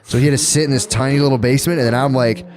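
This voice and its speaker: Fast-talking laid-back male podcast host. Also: mid-range voice, fairly even intonation, darkish tone. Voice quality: laughs often, swears freely. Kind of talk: casual chat.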